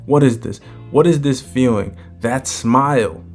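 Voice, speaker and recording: A man's voice: mid-range voice, measured pace, darkish tone, faint music behind, lightly acted. A man voicing a brooding male trickster god from a manga, read in his own everyday voice. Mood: dazed. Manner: read aloud in the narrator's own voice.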